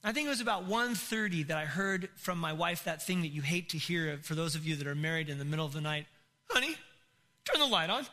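Animated high-voiced male preacher. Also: fast talker, few pauses. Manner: animated comic storyteller, shouting at climaxes. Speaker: pastor. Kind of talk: sermon storytelling.

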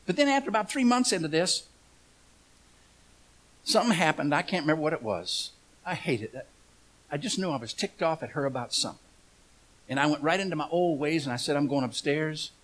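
A middle-aged man preaching a humorous storytelling sermon, folksy and joking, asking the congregation questions. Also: a little high.

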